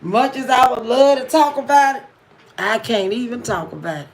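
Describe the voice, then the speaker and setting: A woman's voice: on the high side, normal speed. A woman hosting a casual livestream from home, talking in a laid-back, confiding, slangy way and greeting viewers by name. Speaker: livestream host. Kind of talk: casual live-stream chat with viewers.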